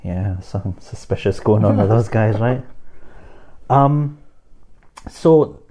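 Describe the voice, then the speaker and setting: A man co-hosting a relaxed chat, his voice low and mellow. He jokes freely and breaks into laughter as he reads listener emails aloud. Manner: laughing, joking, quick asides. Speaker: podcast co-host.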